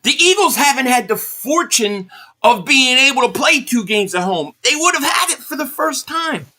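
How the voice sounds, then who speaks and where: A furious man hosts a live reaction stream, swearing bluntly and circling back to the same complaint as he reads out viewer messages. His pitch swings widely from line to line, and his tone is bright and forceful. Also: animated, moderate pace. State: angry. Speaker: live stream host reacting to a football game.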